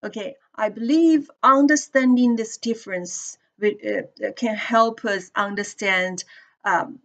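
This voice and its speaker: A woman teaching English pronunciation to a class, explaining slowly and checking in with students as she goes. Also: medium pitch, highs cut off. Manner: slow, deliberate explaining with questions to the class. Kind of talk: classroom lecture.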